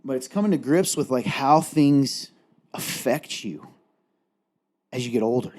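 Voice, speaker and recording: A man's voice: mid-range voice, animated, measured pace, a little mellow. A man co-hosting a candid faith-based conversation, earnest and rambling, close to tears as he speaks. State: tearful, close to crying. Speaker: podcast co-host.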